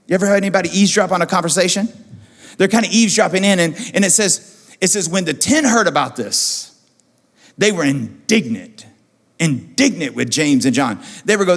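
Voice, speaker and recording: A man's voice: high voice, lively intonation, a little fast, long reverb tail. A man preaching a sermon as pastor, animatedly acting out the disciples in a raised voice. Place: church auditorium.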